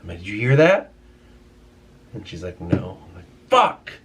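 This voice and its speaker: Man, young adult, husky, fairly low voice, rambling and swearing, talking to his camera at home. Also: big pitch swings, normal speed. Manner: rambling, swears often, trails off. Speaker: vlogger. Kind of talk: casual musing to camera. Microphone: camera mic.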